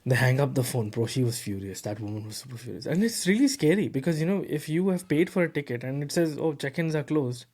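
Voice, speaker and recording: A man hosting a tech podcast, telling a story in a lively, casual way with lots of fillers and repeated words. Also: medium pitch, quick pace, few pauses. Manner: animated, repeats words, heavy fillers like "bro" and "you know". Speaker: podcast host.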